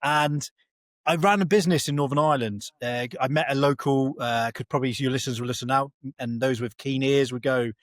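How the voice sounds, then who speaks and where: A man's voice: mid-range voice, steady tone, fairly quick, no room sound. An English man, a veteran guest, talking in a rambling, chatty way, often restarting his sentences. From England. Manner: rambling, self-correcting, chatty. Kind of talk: casual interview chat.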